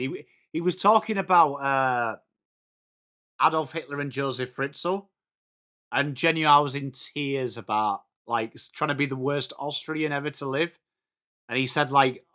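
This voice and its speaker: A young English man hosting a live football watchalong, chatting excitably with viewers and calling out plays. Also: medium pitch. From England. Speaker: watchalong stream host.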